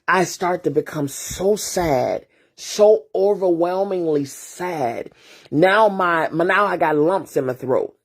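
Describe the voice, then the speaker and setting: Female host, low husky voice, unhurried earnest storytelling with casual slang and repetition. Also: a little mellow. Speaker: host and therapist. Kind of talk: emotional storytelling monologue.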